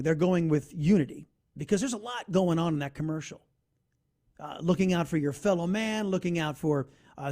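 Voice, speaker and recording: A man hosting a talk radio show, telling a story in an animated monologue. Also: high-pitched. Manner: animated storytelling, narrates an ad over its soundtrack.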